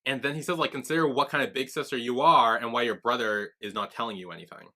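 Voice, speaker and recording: A man's voice: medium pitch, steady tone, quick pace, pushed and bright. A man co-hosting a podcast, casually retelling scenes and acting out the characters' lines with frequent laughs. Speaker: podcast co-host. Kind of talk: casual recap chat.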